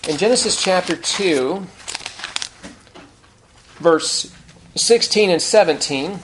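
A man preaching an expository sermon in a conversational teaching manner, restarting phrases and slowing down to stress key words. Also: high-pitched, expressive, a bit bright, a little hiss or hum. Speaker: pastor.

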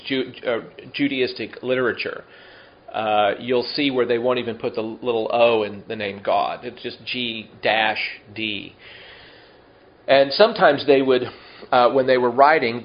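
A man's voice: medium pitch, lo-fi sound. Man teaching a Bible study, chatty. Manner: explains Hebrew words slowly, with asides and questions to listeners.

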